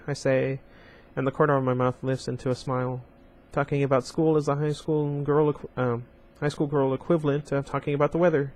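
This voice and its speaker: A man's voice: medium pitch, little pitch movement, fairly quick, few pauses, a little mellow. A man hosting a casual read-aloud of a young adult novel. He reads the story plainly and often breaks off to chat with his viewers. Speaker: channel host reading a novel aloud.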